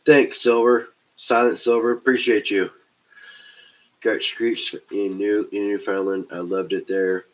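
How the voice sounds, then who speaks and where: Low-voiced stuffy-nosed man chatting on stream. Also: little pitch movement, unhurried. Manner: loose, joking, swears freely. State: stuffy nose. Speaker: livestream host. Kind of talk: casual live-stream chat reading viewer comments. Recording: dull lo-fi stream audio.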